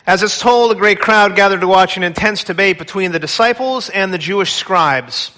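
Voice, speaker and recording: High, bright-voiced male pastor preaching. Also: normal speed, big-room sound. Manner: dramatic storytelling, acting out pleas. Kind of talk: sermon. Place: large church hall.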